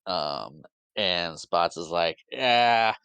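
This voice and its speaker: Speaking extremely slowly, a man co-hosting a podcast gives an animated, casual movie recap, restarting often, using fillers, and briefly acting out characters. His voice is a little low but crisp and bright. The recording is dry and close, with no room around it.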